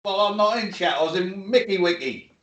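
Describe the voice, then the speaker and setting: A man's voice: high-pitched, fairly quick, fairly bright tone, dull audio. A man chatting on a live stream, making dry joking asides. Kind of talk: casual live-stream chat. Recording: roomy, echoey room sound.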